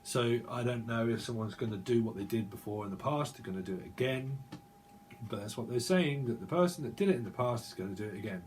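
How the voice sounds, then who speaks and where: A man's voice: medium pitch, quick pace, darkish tone, slight background noise. A man giving a channelled tarot reading, rambling and repeating words over and over in long chanted strings. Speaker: tarot reader.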